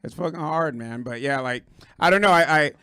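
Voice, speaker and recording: A hoarse Puerto Rican-born man doing a rambling, profane stand-up set on a club stage, riffing with the crowd. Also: a little high, brisk, bright, forceful tone, dry recording. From Puerto Rico. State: hoarse, lost his voice. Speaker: stand-up comedian.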